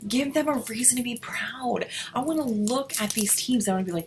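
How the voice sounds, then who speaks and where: A woman's voice: on the high side, brisk, hardly any pauses, noisy background. Chatty woman coaching her team. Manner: chatty, role-plays both sides of conversations. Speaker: team leader giving advice. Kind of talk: casual motivational talk.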